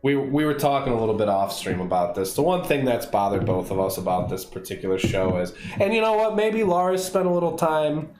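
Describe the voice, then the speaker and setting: A man's voice: mid-range voice, sing-song, brisk, few pauses, a little mellow, reverberant, soft background music. A man co-hosting a casual podcast review of a TV episode, rambling, swearing and restarting his sentences. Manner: laid-back, rambling, swears, restarts a lot. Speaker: podcast co-host.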